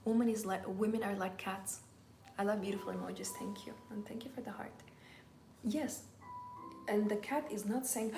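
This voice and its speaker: A woman's voice: mid-range voice, fairly even intonation, normal speed, long pauses, noisy background. Woman coaching on a live stream, often whispering. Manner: intimate, drops often to a whisper. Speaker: femininity coach. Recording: roomy with background music.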